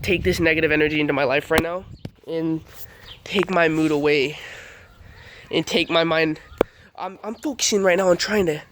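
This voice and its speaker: A young man in his early twenties talks through a casual vlog, his voice sitting high for a man. He rambles with many fillers and restarts, and he pitches up further whenever he acts out what someone else said. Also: a bit bright, slight background noise. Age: 20s. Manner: rambling, lots of fillers, acts out quotes in higher voice. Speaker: vlogger.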